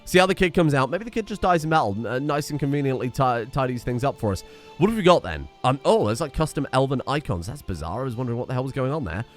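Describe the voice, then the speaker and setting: A man's voice: mid-range voice, very animated, quick pace, soft background music. A young man commenting on a strategy game as he plays, reading the event text aloud and dropping sarcastic asides. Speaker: game streamer. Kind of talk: let's-play commentary.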